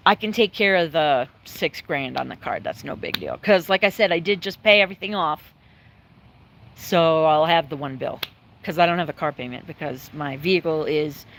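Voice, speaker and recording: Woman vlogger, casual and rambling, swears a lot, emotional but steady, faint background hiss. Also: deep voice. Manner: rambling, candid, swears freely; emotional but calm, choked up at times. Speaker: livestreaming vlogger. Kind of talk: casual chat to viewers. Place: at home, dogs in the yard nearby.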